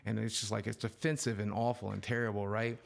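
A man's voice: fairly low pitch, flat delivery, a little fast, vocal fry. A middle-aged man, a podcast guest, telling a personal story candidly, swearing freely and dropping to near whispers at the heavy parts.

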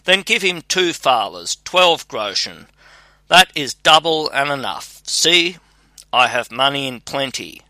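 A man voicing a clever, self-assured young scholar who calmly reassures his father in a storybook reading. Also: medium pitch, takes it slowly, no room sound, full character voice. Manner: calm, reassuring.

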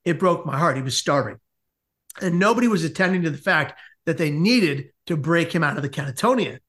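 A man, a podcast guest, telling a comic personal story with lively asides. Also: fairly high pitch, brisk. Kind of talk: animated storytelling in a podcast interview.

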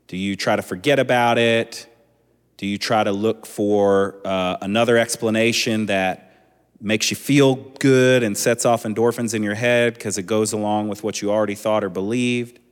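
A man in his thirties preaching a sermon as a pastor, relaxed and conversational with chatty asides. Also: lowish voice, normal speed, clean tone. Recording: long echoing hall reverb.

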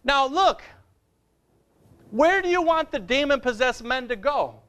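A man's voice: very high voice, animated, measured pace, fairly bright tone. A male pastor preaching a fiery sermon, emphatic and repetitive, with rhetorical questions.

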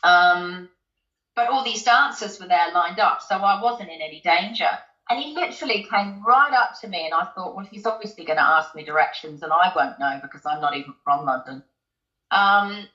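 A woman's voice: lowish voice, moderate pace, pushed and bright. A woman from the UK, a guest in an interview, tells a personal story in a chatty way, with many ums and restarts. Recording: roomy, slightly dull recording.

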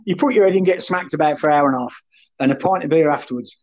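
A man's voice: on the high side, very fast. Sweary man spinning yarns. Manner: blunt, sweary, animated storytelling. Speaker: podcast guest, former footballer. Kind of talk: casual storytelling chat. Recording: muffled lo-fi audio.

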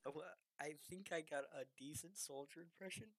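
A man's voice: on the high side, fairly quick, no room sound. A young man hosting a podcast over an online call, playful and goofy, often restarting his sentences. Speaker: podcast host. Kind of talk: casual chat.

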